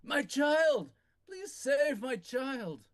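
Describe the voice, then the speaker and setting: A man's voice: fairly high pitch, animated, slow pace. A man voicing an exhausted noble lord who pleads and commands in a tabletop game. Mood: desperate.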